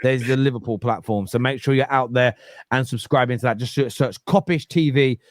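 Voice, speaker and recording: A man hosting a football podcast, talking in an animated, emphatic way and often repeating words. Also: medium pitch, brisk, no room sound, studio quality. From England. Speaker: podcast host. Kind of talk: casual football podcast chat.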